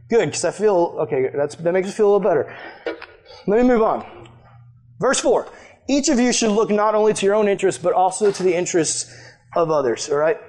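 A man's voice: sits high, big pitch swings, a little fast, a little mellow. A young adult man, a youth pastor, preaching a conversational, emphatic sermon to a youth group.

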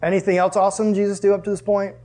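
A young man leading a youth group, telling a story in a chatty, animated way and laughing often before moving into Bible study. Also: high voice, rapid-fire.

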